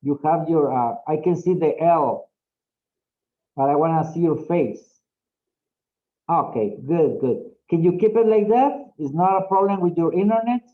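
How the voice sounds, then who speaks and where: A man teaches an English class over a video call, patient and encouraging, saying "okay" again and again. His voice is on the high side and a little slow, and the audio sounds narrow and tinny.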